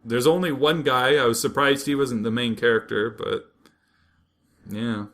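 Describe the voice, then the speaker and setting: A man hosts a casual podcast chat and retells stories in a loose, rambling way. He laughs often. His voice is bright and lively, pitched in the middle of the male range. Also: a little slow. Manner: rambling, animated storyteller who laughs often. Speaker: podcast host. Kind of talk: casual chat recapping anime.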